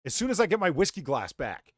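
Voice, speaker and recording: A man running an online comedy show with a very animated voice that swings up and down as he tells stories. He laughs through his own lines and swears casually. The sound is dry and close on a computer mic. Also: a little high, fast talker, no room sound.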